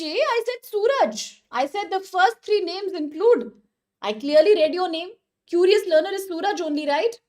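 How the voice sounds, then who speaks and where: A young woman leads a live online exam-prep lesson in a high-pitched voice. She is chatty and affectionate and calls students by name as she quizzes them. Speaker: teacher.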